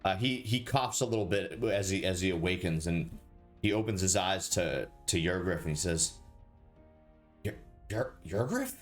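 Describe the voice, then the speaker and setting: A man narrating as the game master, halting and full of fillers. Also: deep voice, soft background music.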